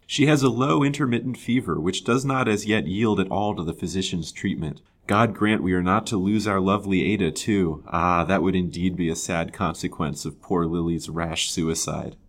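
A man voicing a genteel lady who speaks in gentle, mournful tones while feigning sympathy, in a storybook reading. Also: deep voice, normal speed, hardly any pauses.

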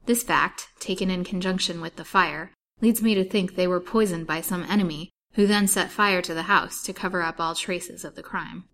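A woman reading aloud in the voice of a courteous male detective, formal and measured. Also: lowish voice, fairly even intonation, a bit bright.

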